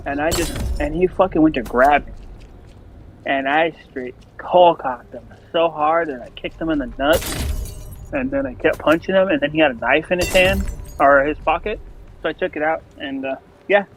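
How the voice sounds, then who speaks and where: A man's voice: a little high, moderate pace, slight background noise. A man in his thirties from California, telling rambling, profane stories in casual chat while gaming. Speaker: gamer.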